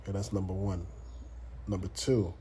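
A man's voice: sits low, level tone, moderate pace, dark tone, a little hiss or hum. A man from the United States hosting a podcast, talking in a blunt, profane, casual monologue full of restarts. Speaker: podcast host.

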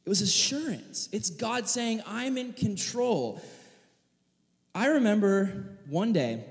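A young man preaching with a lively, high-pitched voice that climbs and dips as he tells a story. He acts out the voices and yells in sudden bursts. His voice rings with the long reverb of a large hall. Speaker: pastor. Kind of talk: sermon with personal story.

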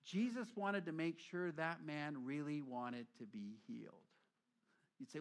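Animated preaching man, fairly high voice. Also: unhurried, vocal fry. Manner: animated storytelling, acting out quoted voices. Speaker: pastor. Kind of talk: sermon.

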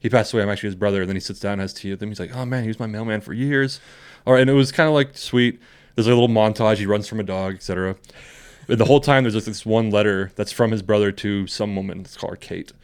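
A man's voice: fairly low pitch, steady tone, very fast, smooth. Rambling, laughing young man telling stories. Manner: rambling storyteller, laughs often. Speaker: podcast co-host. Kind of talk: casual chat.

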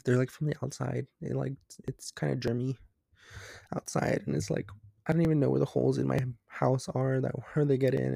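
Jittery young man, gravelly podcast chat. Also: mid-range voice, dark tone, no room sound, clean studio sound. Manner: rambling, jumpy, with many fillers. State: scared and tired late at night. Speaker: podcast host. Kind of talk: casual solo podcast chat. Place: bedroom at home.

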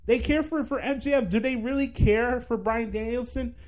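A man's voice: extremely high pitch, normal speed, a little mellow. A man hosting a podcast, giving a blunt, profane, sarcastic wrestling commentary rant. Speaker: podcast host.

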